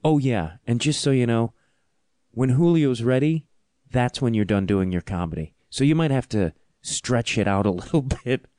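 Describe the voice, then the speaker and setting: A man's voice: mid-range voice, normal speed, mellow, no room sound, studio quality, close to an everyday voice. A man quoting a blunt male stage manager who lays down the rules in a matter-of-fact way. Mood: curt.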